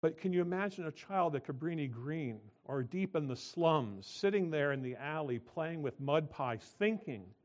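A man's voice: on the high side, lively intonation, moderate pace, hardly any pauses. Emphatic man preaching a sermon. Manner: emphatic preaching with wide swings in loudness. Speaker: pastor.

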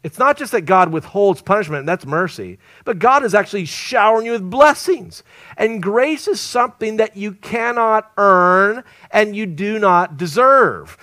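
A traveling evangelist with a high voice preaches to a live congregation at normal speed, with no room sound. He tells animated stories peppered with jokes, laughter, and joking asides.

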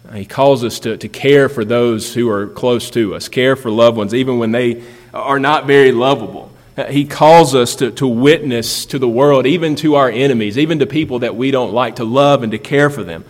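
A man's voice: mid-range voice, normal speed. A man preaching a sermon as pastor, building emphasis and asking rhetorical questions. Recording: long reverb of a large hall.

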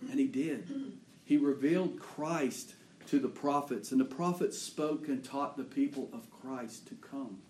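Pastor guy preaching, mid voice, gets loud and emphatic then folksy, roomy echo. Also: medium pitch, slight background noise. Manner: preaches with rising emphatic bursts; folksy plain grammar. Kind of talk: sermon.

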